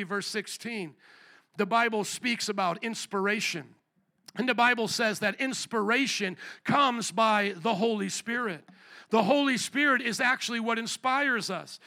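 A male pastor preaching a live sermon in a church, energetic, questioning the congregation and calling for responses. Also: high voice. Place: church sanctuary.

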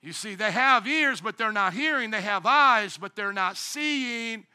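High, bright-voiced animated male preacher. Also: unhurried, smooth. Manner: animated preaching, acts out voices, shouts at times. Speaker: pastor. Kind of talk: sermon.

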